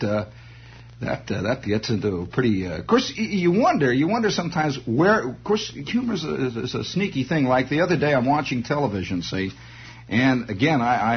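Male radio host, comic monologue, husky raspy voice, lively swooping pitch, stammering repeats, muffled lo-fi broadcast sound. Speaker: radio talk show host. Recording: dull lo-fi radio recording.

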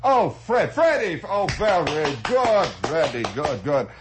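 A man's voice: fairly high pitch, sing-song, music in the background, pitched above the performer's own voice. A man doing a gushing, grand female star. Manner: effusive, drawn-out, says "darling".

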